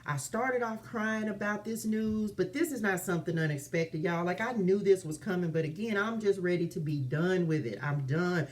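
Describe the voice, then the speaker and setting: A woman with a somewhat low voice talks straight to the camera from her apartment, running a casual spiritual vlog. She is chatty and emphatic, calls her viewers y'all and stresses her points by repeating them. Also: moderate pace, few pauses, a little hiss or hum. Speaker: spiritual reader and vlogger.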